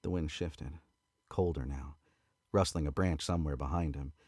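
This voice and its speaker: Australian man, very low voice, casual book reading, close dry sound, fixes his slips as he goes. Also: moderate pace, dry recording. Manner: relaxed, stops to correct misread words. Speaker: narrator reading a novel aloud. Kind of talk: casual read-aloud narration.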